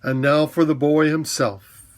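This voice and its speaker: A man's voice: a little high, fairly even intonation, unhurried, close to an everyday voice. A man voicing a great noble male lion king in a storybook reading, speaking in a solemn, commanding and formal way.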